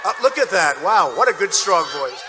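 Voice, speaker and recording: Very animated and high-pitched, a male candidate addresses a rally at a moderate pace. His boastful remarks repeat and include mocking asides, echoing through a large indoor arena as the crowd cheers.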